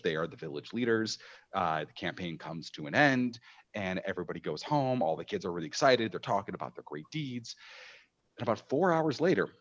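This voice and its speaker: A game master with a deep, low voice tells a long anecdote about running a game for kids. He speaks animatedly and emphatically, with lots of fillers and restarts, like in a casual panel chat. The audio sounds somewhat dull and lo-fi.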